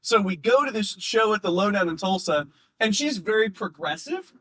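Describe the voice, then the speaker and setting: A man, a comedian, telling an animated, rambling story in casual podcast chat, laughing often. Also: sits high, moderate pace, no echo. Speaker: comedian guest.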